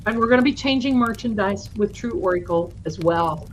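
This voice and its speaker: A woman's voice: medium pitch, animated, fairly quick, slight background noise, poor audio. A woman hosting a casual livestream giveaway, chatty and affectionate with her viewers. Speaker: host of a tarot channel livestream.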